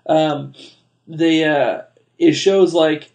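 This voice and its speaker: A young man in casual podcast talk who hedges and hesitates, often unsure of his details. His voice is a little higher than most men's. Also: steady tone, very slow, gravelly, a little mellow. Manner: hesitant, hedging. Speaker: podcast co-host. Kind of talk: casual chat.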